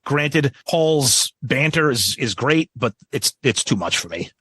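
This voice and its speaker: A man's voice: medium pitch, animated, fairly bright tone, slightly rough, no room sound. A man co-hosting a podcast, chatting enthusiastically about a live album, often repeating words as he talks. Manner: enthusiastic, repeats words, quick agreeing interjections. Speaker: podcast co-host. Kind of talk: casual music review chat.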